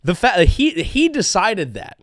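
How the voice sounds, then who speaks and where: A male comedian hosting a podcast, riffing in a rambling, profane, animated monologue. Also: sits high, normal speed, no room sound, clean studio sound.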